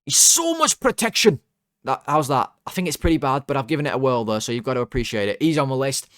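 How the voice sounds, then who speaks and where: A man's voice: mid-range voice, very fast, no echo, clean studio sound. Sarcastic young man ranting about football. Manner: exasperated, sarcastic, rambling with restarts. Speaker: football fan channel host. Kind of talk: ranting football video commentary.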